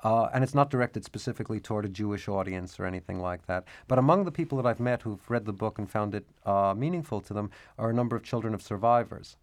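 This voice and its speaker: Interviewed as a guest author, a man with a lowish voice speaks in a reflective, measured way. At times he reads aloud from his own book.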